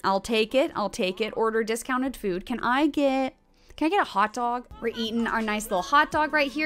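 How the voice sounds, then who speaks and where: Bubbly girl streamer chatting over her game, kinda high voice, gasps a lot, soft music in the back. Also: expressive, normal speed. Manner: bubbly, gasps often, talks to viewers and game characters. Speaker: gaming streamer. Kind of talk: casual gameplay commentary.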